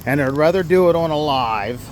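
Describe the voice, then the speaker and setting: A man's voice: fairly high pitch, lively intonation, a little fast, slight background noise. A middle-aged man vlogging from his farm outdoors on a handheld phone, talking earnestly and defensively to his viewers with plenty of fillers. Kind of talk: casual vlog talk to viewers.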